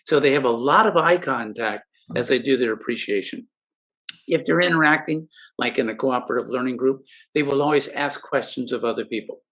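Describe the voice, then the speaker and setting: A man's voice: mid-range voice, fairly bright tone. An older man giving a friendly instructional talk to teachers, who now and then acts out students' replies. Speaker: educational presenter.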